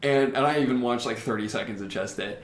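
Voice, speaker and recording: A young man trades stories on a casual podcast, animated and laughing often, breaking into high-pitched impressions of people. His voice sits at an ordinary middle pitch. The room gives it a noticeable echo. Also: quick pace. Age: young adult. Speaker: podcast co-host. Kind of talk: casual storytelling chat. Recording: roomy echo.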